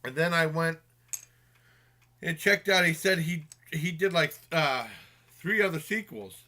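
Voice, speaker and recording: A man's voice: a little high, a little slow, pushed and bright. A man casually retelling a movie's plot in a review, rambling with many fillers and restarts and chuckling along.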